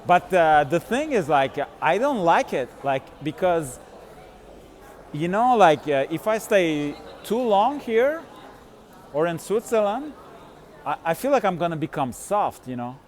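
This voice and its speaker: A man's voice: high-pitched, big pitch swings, measured pace. A man vlogging as he walks outdoors in a city, talking casually and rambling with many fillers, restarts and frequent laughs. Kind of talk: casual walking vlog. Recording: faint street noise.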